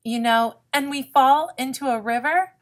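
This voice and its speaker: A woman's voice: high-pitched, a little slow, fairly bright tone, voice pushed up. Woman doing a nervous raccoon, hesitant, fretful, dramatic, storybook voice. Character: nervous worrying raccoon, full of what-ifs.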